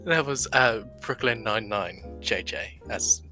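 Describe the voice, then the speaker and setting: A man's voice: fairly low pitch, unhurried, sharp tone, soft background music. A man playing a character in a livestreamed tabletop role-play, talking in an easygoing, casual way. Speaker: tabletop game player.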